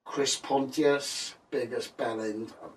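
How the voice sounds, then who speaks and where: A man's voice: medium pitch, steady tone, slow pace. A man telling stories as a guest in a casual chat, sweary and laid-back, often laughing and trailing off. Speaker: podcast guest. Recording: distant mic, faint background noise.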